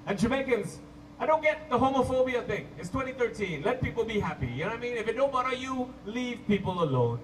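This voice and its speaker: Comic with a high voice, chatty storytelling, heard from afar through an echoey outdoor venue. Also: male voice, lively intonation, background noise. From Trinidad. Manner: brisk, conversational storytelling. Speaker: stand-up comedian. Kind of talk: stand-up comedy set. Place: outdoor stadium stage. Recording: echoey, distant live stage audio.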